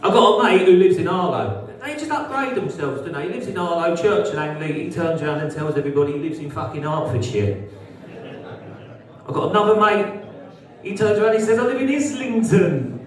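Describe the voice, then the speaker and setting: A man's voice: on the high side, animated, a little fast. Essex man on stand-up, raised voice that swings up and down, crude crowd banter, roomy club sound from far off. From Essex, England. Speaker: stand-up comedian. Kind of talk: live stand-up set. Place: social club stage. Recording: echoey club room, mic from far off.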